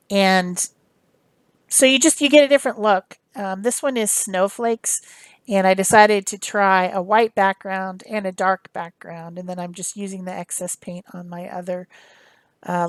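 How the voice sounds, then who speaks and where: A woman's voice: medium pitch, fairly bright tone, no echo. A woman talking through a craft demonstration in a casual, rambling way, with many fillers and restarts. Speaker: craft tutorial host.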